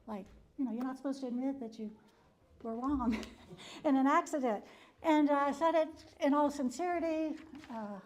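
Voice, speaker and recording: Her voice sits high with a slightly mellow quality as she presents a wellness talk at church. The psychologist shares a personal anecdote in a conversational style, peppered with "um," "you know," and plenty of chuckles.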